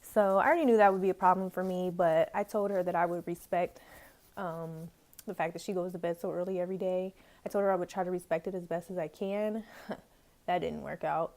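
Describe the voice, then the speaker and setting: A woman's voice: lowish voice, warm tone. A woman in her twenties telling a casual story at home, chatty and filled with "like" and "um", into a camera's built-in mic. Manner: chatty, peppered with "like" and "um". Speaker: vlogger.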